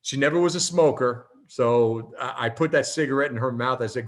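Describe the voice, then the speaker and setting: A man in his fifties giving a motivational talk, an animated storyteller who keeps checking in with "okay?". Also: mid-range voice, brisk. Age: 50s. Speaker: presenter.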